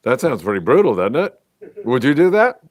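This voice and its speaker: A man's voice: mid-range voice, very animated, brisk. Jokey man in his sixties. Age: 60s. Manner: storytelling, jokey, reads viewer comments aloud. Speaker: host. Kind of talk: casual chat.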